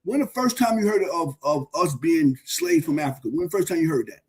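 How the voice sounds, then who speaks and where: Man in his fifties, panelist, quick high voice, keeps pressing the same question. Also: lively intonation, breathy edge. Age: 50s. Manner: insistent, repeats his question. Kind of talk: heated podcast debate.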